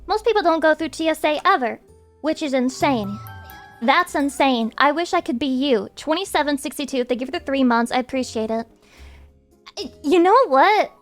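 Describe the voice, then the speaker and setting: A woman's voice: high voice, expressive, moderate pace, soft background music. A woman streamer chatting casually with her viewers in a profane, rambling rant.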